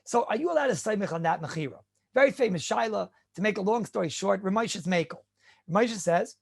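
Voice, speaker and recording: A middle-aged man giving an animated halacha lecture full of rhetorical questions and Yiddish-laced terms. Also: high-pitched, a little fast, creaky, breathy edge. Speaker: rabbi teaching halacha.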